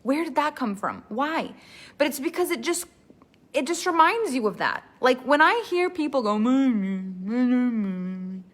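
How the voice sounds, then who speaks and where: A woman with a bright, high voice leads a live online storytelling workshop. She talks in an animated, expressive way and breaks into laughter easily. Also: normal speed. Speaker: storytelling coach.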